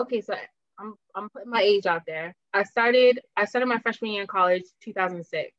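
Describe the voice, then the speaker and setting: A woman in her thirties from Boston, a podcast guest telling her story in casual chat, animated and laughing often, her throat a little hoarse. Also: mid-range voice, dull audio. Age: 30s. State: slightly hoarse, clearing throat.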